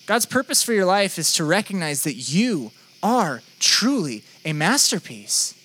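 A man's voice: high-pitched, sing-song, measured pace, fairly bright tone, slightly rough. A young man preaching a sermon in a conversational, playful, self-deprecating way. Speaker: pastor.

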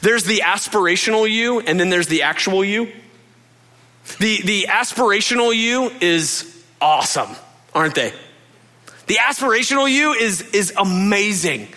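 A man's voice: high voice, expressive, normal speed, bright, forceful tone. A man preaching a conversational sermon as a pastor, earnest and confessional, speaking straight to his listeners.

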